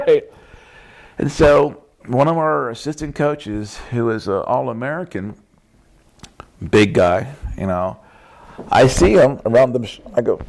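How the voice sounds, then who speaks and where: Gravelly man preaching with stories. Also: medium pitch, unhurried. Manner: animated storytelling, acts out quotes, laughs often. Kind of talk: sermon with personal stories.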